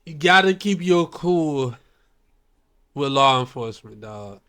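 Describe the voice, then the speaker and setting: A man hosts a relaxed chat, speaking slowly. His pitch rises and falls a great deal as he reacts and gives advice in drawn-out slang. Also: smooth. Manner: slow laid-back reactions, drawn-out slang. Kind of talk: casual chat.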